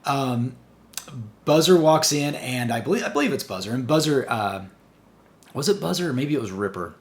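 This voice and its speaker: A man hosting a review channel, retelling a comic's plot in a casual, excited way with frequent chuckles. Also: medium pitch, normal speed.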